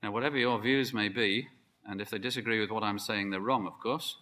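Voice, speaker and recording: A man preaching a sermon, emphatic and building to excited peaks. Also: fairly low pitch, brisk. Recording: long hall reverb.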